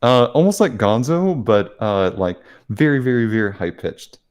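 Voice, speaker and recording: A man's voice: medium pitch, sing-song, moderate pace, clear, resonant tone. A man co-hosting a podcast in casual chat, giggly and rambling with many fillers. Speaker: podcast co-host.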